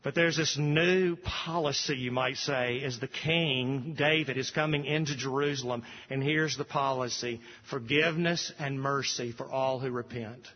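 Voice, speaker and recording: A man's voice: medium pitch, fairly even intonation, normal speed, few pauses. Man preaching a sermon, emphatic repeated refrains, long hall reverb, dull distant sound. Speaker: pastor.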